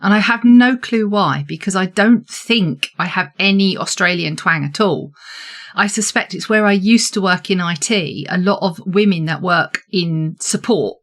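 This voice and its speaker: A woman guest from London with a soft Southeast English accent, telling stories in a casual, lively way. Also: fairly low pitch, normal speed. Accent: Southeast English, softened. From London, England. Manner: lively storyteller, acts out voices. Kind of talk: casual interview chat.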